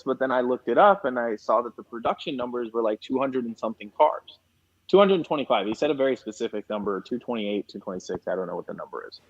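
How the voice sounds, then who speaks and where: A man in the middle of his vocal range tells a story with animated energy, quickly voicing both himself and the other person on the phone. The recording sounds dull and lo-fi, as if its upper frequencies were cut off. He talks like a guest in a relaxed chat. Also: medium pitch, dry recording. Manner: animated, acts out both sides of a phone call. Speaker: guest, classic car dealer.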